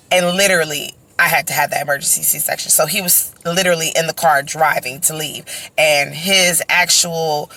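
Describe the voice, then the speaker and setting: A chatty young vlogger with a deep voice tells her birth story while out on a walk, recorded on a phone. It's a casual storytime monologue, animated and conversational, heavy with fillers like "you know" and "right?"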